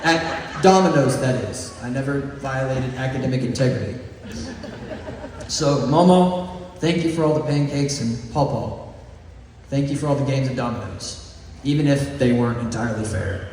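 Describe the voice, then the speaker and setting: Here a slightly mellow, medium-pitched male voice belongs to an eighteen-year-old East Texan addressing his graduating class as valedictorian. The speech is warm and humorous, paced slowly and deliberately, with occasional chuckles. Faint noise and heavy echo suggest a distant mic in a large hall or gym.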